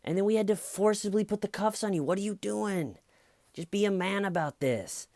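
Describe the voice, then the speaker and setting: A man's voice: high voice, normal speed, darkish tone, no echo, pitched above the performer's own voice. A man voicing an exasperated police officer who scolds in a raised voice. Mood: scolding.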